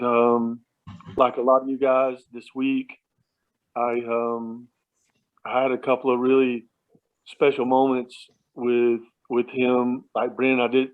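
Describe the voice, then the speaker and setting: A man casually telling family stories on a phone call, chuckling often and restarting his sentences as he rambles. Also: mid-range voice. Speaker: relative sharing memories at a family remembrance. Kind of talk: casual anecdotal storytelling. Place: at home at night. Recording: tinny phone line.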